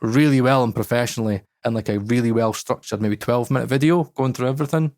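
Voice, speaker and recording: A man's voice: medium pitch, fast talker, darkish tone, dry recording, clean studio sound. A Scottish man co-hosting a podcast in casual, blunt chat, swearing freely. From Scotland. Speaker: podcast co-host.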